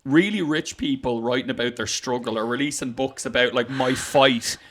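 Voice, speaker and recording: A man co-hosting a comedy podcast, chatting in a lively, jokey way. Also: mid-range voice. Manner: lively, jokey, quick to laugh. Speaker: podcast co-host. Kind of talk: casual comedy chat.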